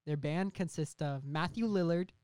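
Young man, comedy podcast host, rambling pitch, giggly, dry room. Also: normal speed, a little mellow, clear, resonant tone, dry recording. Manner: giggly, acts out characters in silly voices.

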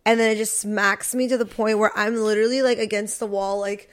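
A young woman co-hosting a podcast, telling a story in casual chat, animated and swearing, acting out quotes. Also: mid-range voice, brisk. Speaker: podcast co-host.

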